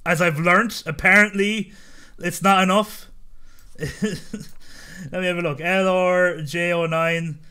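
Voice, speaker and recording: A man commentating his own gameplay, animated and jokey, swearing in mock outbursts. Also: high-pitched, slow pace, pauses often, smooth. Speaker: let's play host.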